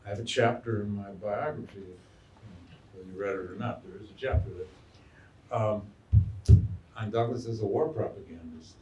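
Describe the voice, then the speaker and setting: A man, a historian and biographer, answering audience questions in an animated, storytelling way and acting out quotes. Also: fairly low pitch, normal speed, dull audio, a little hiss or hum. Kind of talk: lecture Q&A answer. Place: lecture hall. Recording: echoey room, mic far off.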